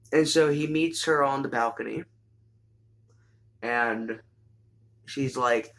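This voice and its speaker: A man casually recapping an anime, rambling with lots of fillers and restarts and bursts of excitement. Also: mid-range voice, very slow, pauses often.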